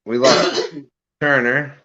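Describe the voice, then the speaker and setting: A man hosting a late-night live stream, chatting slowly and casually and laughing often. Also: mid-range voice, flat delivery, pushed and bright, dull audio, a little hiss or hum. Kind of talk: casual chat.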